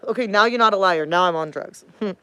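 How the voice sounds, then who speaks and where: A woman's voice: mid-range voice, fast, sharp tone, clear, resonant tone, dry recording. A woman in her thirties talking bluntly to her live stream chat, combative and swearing heavily. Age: 30s.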